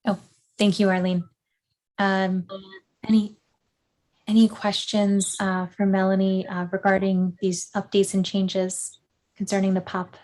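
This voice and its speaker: A woman's voice: medium pitch, little pitch movement, unhurried, long pauses, a little mellow. A woman chairing a board meeting, running the votes in a procedural way with a few fillers.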